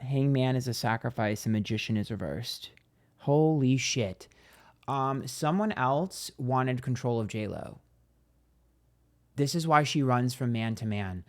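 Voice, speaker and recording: A man giving a casual psychic tarot reading, rambling and hesitant, turning emphatic and profane. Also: mid-range voice.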